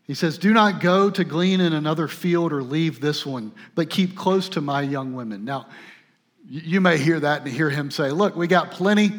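A man preaching a sermon in a somewhat high voice. He talks like a conversation, full of asides and restarts, and moves between pressing, emphatic points and quiet, tender stretches. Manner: swings from emphatic to soft and tender. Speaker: pastor.

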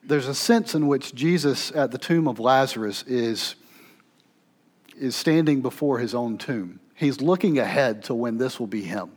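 A man preaching a sermon as pastor, with dramatic swings between loud intensity and hushed near-whispers. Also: mid-range voice, unhurried.

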